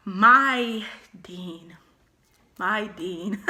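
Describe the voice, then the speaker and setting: A woman's voice: on the high side, fairly quick, slight background noise. A young woman telling a school story in casual, slangy chat, acting out quotes. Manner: animated, slangy, acts out quotes. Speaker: storyteller co-host.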